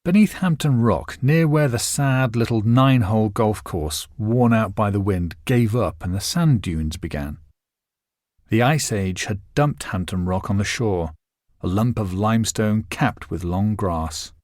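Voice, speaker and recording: With a lowish voice, a male narrator reads a novel from a script, steady and expressive as he tells the story, in a dry, studio-quality audiobook recording.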